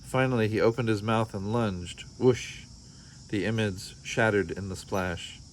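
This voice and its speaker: Guy reading a kids picture book out loud, lowish voice, faint crickets in the back. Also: normal speed, slight background noise. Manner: expressive storytelling. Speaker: storybook reader.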